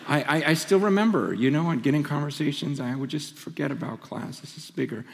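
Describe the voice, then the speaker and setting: A man's voice: on the high side, lively intonation, a little fast, gravelly, few pauses, slight background noise. A middle-aged man preaching a sermon with impassioned feeling, often stammering and repeating words as he speaks. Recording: long hall reverb.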